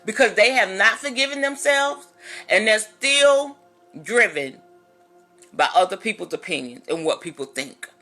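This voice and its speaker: A woman minister talking straight to her viewers in a casual, animated, preachy vlog monologue. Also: medium pitch, measured pace, soft background music.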